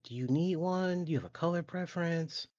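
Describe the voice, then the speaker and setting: A young man co-hosting a podcast, telling animated stories in casual chat and swearing freely. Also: fairly high pitch, brisk, dry recording. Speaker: podcast co-host. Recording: dull, lo-fi, dry sound.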